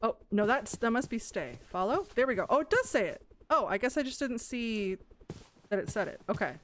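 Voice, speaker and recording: Woman, let's play host, casual game commentary, excitable, gasps and squeals, slightly high voice, faint background noise. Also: a little fast.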